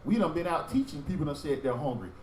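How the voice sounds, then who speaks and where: A man teaching a religious group in sermon style, with animated storytelling that acts out street talk. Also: fairly high pitch, fast talker, reverberant, distant mic, slight background noise, poor audio.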